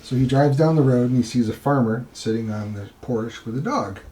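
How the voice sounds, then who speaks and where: A man telling a long joke from off camera, halting with restarts and fillers. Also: medium pitch, mellow. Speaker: host's partner telling a joke.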